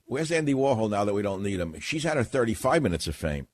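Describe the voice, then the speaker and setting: A man's voice: fairly low pitch, big pitch swings, quick pace. A man hosting a radio talk show, ranting sardonically in a monologue.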